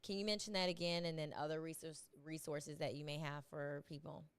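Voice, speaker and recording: A woman's voice: low voice, brisk, smooth. A woman hosting a podcast interview, playful and emphatic, in casual chat. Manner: lively, playful, emphatic with "listen" and "okay". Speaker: podcast host.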